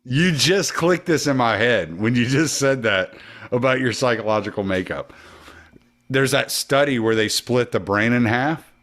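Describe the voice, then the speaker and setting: A man with a mid-range voice talks loosely in a casual podcast chat, a few drinks in. He gets animated and swears freely while thinking out loud. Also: medium pitch, normal speed. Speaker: podcast guest or host. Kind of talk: casual conversation.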